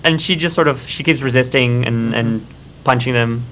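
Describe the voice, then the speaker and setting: A streamer talks casually through a live watch-along, recapping the story with easy amusement. The voice is bright and forward. The delivery is loose and conversational. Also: mid-range voice, normal speed. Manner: relaxed, amused, recaps the plot. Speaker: streamer co-host.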